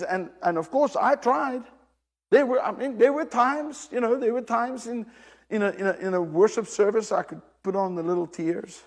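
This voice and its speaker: Male preacher, high lively voice, repeats himself, hushed then loud, church hall reverb. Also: moderate pace. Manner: animated, repeats phrases, swings from hushed to loud. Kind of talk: sermon. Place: church service with a congregation.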